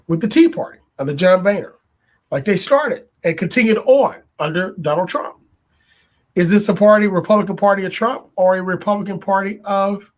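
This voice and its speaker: High-voiced man musing on politics. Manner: deliberate, builds points with repetition and rhetorical questions. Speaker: podcast host. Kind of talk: political commentary monologue.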